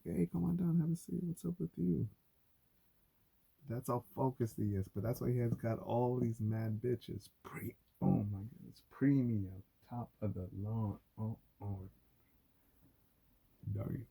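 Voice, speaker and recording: A man telling stories in a casual, rambling monologue, cursing often and getting animated. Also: on the low side, creaky, breathy edge. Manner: profane, animated storytelling. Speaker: vlogger.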